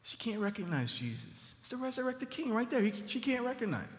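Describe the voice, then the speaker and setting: A man preaching a sermon in a church sanctuary in a conversational style, repeating phrases for emphasis and dropping to a soft murmur on tender lines. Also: fairly high pitch, expressive, fast talker, few pauses. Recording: long hall reverb.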